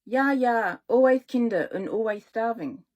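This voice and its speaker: A sly little old woman, speaking slowly and knowingly in a storybook tale, as a woman reader puts her on. Her voice sits a little higher than the reader's plain narration. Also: a little mellow, lightly acted.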